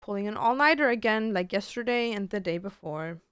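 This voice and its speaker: A woman's voice: medium pitch, animated, a little fast, a bit bright, smooth, dry recording, clean studio sound. A young woman streamer chatting casually while she works, with melodramatic, self-pitying complaints. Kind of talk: casual livestream chat while working.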